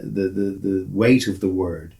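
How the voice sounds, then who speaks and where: A man's voice: low voice, fairly even intonation, unhurried, mellow. An older Irish man talking in a casual chat as a guest, rambling with restarts and repeated words. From Ireland.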